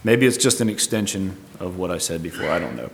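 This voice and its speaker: A man's voice: low-pitched, lively intonation, a little fast, slight background noise. A man preaching a Bible teaching sermon, explaining verse by verse in a thoughtful, tentative way. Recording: long reverb.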